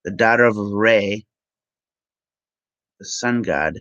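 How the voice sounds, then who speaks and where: A man reads aloud to his vlog audience at an unhurried, plodding pace. His voice sits on the low side, and he often stops with an "uh" or goes back to fix a word. The sound is dry and close, with no room echo. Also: a bit bright, highs cut off. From Minnesota. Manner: halting, with ums and self-corrections. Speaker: vlogger. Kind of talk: reading aloud from web pages.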